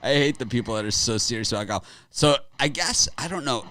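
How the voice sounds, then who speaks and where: A man's voice: medium pitch, lively intonation, brisk, bright, forceful tone, dry recording. A middle-aged man hosting a sports betting show, talking casually in a rambling way and laughing often. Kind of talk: casual chat.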